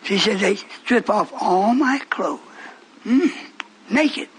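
A man preaching a sermon with passion, swinging from shouts down to whispers and rhetorical questions. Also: high voice, lively intonation, slow, husky, rough recording.

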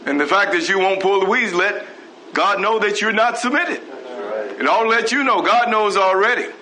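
A man's voice: high voice, moderate pace, crowd noise, rough recording. A man preaching a sermon, asking the congregation rhetorical questions. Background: congregation responding.

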